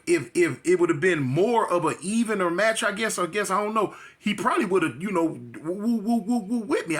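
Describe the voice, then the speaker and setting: A man from California, telling a story in a casual, slangy way and acting out voices and sound effects. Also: on the high side. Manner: animated, acts out quotes and sound effects, slangy. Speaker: storyteller recounting jail experiences.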